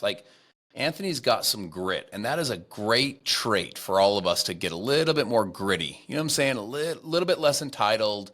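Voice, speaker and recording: Lively enthusiastic male podcast host. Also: fairly low pitch, moderate pace. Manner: enthusiastic, speaks to the listeners directly. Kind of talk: casual interview talk.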